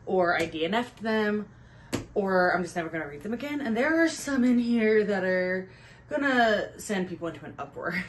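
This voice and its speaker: A woman's voice: mid-range voice, expressive, normal speed, slight background noise, low-quality recording. A young woman hosting a casual book chat at home, upbeat and a little out of breath after the gym. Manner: chatty and upbeat. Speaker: booktube host.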